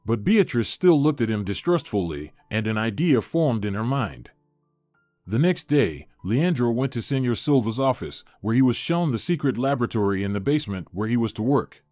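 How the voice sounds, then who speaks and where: A man reading a scripted dramatic story aloud as narrator, in an expressive storyteller voice. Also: medium pitch, normal speed, no room sound, soft background music.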